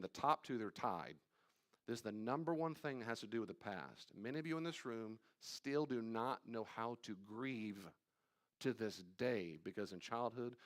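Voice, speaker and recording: Guy with a lowish voice teaching a church group, chatty, jokey asides, gets loud acting out quotes. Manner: conversational, playful asides, bursts into loud acted quotes. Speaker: pastor teaching a study. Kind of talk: live teaching talk on anxiety. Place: church room with live audience.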